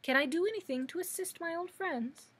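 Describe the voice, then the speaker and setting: A woman's voice: very high-pitched, a little fast, fairly bright tone, a little hiss or hum, voice pushed up. A woman voicing a tiny, demure female mouse queen, speaking graciously in a storybook reading.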